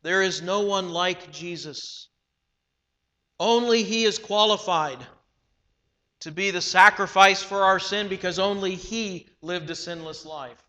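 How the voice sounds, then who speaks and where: A man preaching a sermon in a measured, emphatic way, slowing down on key phrases. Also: sits high, sharp tone. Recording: long hall reverb.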